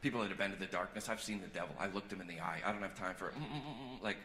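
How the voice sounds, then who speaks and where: Man, stand-up comedian, fast delivery, earnest then jokey, live stage, loud crowd ambience. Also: sits low, steady tone, very noisy. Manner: shifts between quiet earnest confession and loud joking crowd work. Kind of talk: stand-up set. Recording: echoey venue with loud audience ambience.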